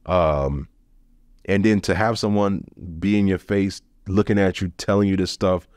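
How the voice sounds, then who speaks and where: A man's voice: deep voice, fairly even intonation, measured pace, darkish tone, no room sound, studio quality. A man telling his own story as a podcast guest, blunt and profane, with emotional swings. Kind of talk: candid personal storytelling.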